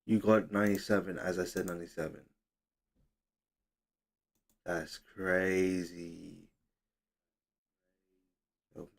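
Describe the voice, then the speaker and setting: A man's voice: sits low, flat delivery, slow pace, creaky, long pauses. A young man hosting a casual livestream, chatting loosely, reading comments aloud and fumbling with his setup. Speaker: livestream host.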